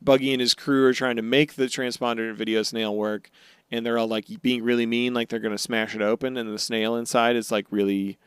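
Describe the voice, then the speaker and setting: Animated young man recapping a show. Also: brisk, clear, resonant tone, dry recording. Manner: animated recapper who acts out characters in high silly voices. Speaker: podcast co-host. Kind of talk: casual podcast chat.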